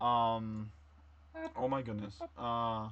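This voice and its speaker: A man's voice: mid-range voice, level tone, slow, a bit bright, dull audio. A man hosting a loose, rambling improv chat with friends, laughing often. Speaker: host.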